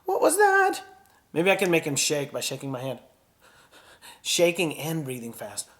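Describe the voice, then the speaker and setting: A man teaching a children's puppetry lesson in a gentle, encouraging way, breathing and sighing aloud to show each emotion. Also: mid-range voice, normal speed.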